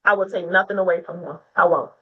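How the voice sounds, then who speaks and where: A woman's voice: lowish voice, fast talker, distant mic, highs cut off. A woman hosting a casual video call forum, talking emphatically and like a preacher. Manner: emphatic, preachy, rising to a near-crying rally. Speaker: host of a women's agent forum. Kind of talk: casual chat.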